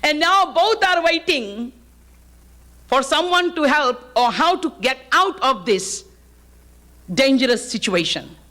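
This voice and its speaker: A woman's voice: high-pitched, sharp tone. A woman from Fiji giving a live devotional sermon, telling stories and reciting Sanskrit verses. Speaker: spiritual preacher. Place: live talk to an audience.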